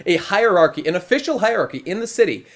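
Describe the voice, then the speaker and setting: A man ranting through a casual review in a fairly high voice that swings up and down a lot. He swears freely, leans on filler words, and keeps a wry, opinionated edge throughout. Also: quick pace. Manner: profane, wry, animated rant with frequent filler "like". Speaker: online video reviewer.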